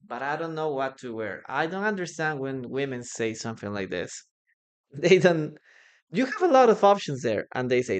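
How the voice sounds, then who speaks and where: A man's voice: fairly high pitch, animated, a little slow. A man whose first language is Spanish, teaching a live online English class and patiently explaining grammar through example sentences on a computer mic.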